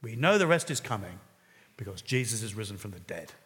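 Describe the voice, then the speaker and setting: Male preacher, animated sermon, sudden loud peaks, long hall reverb. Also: fairly low pitch, brisk.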